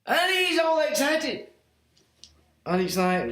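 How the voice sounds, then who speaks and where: A man hosts a casual livestream, his high voice swinging widely in pitch. He exclaims, swears and mocks as he talks. The room around him is echoey. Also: big pitch swings, unhurried, a bit bright. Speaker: livestream host.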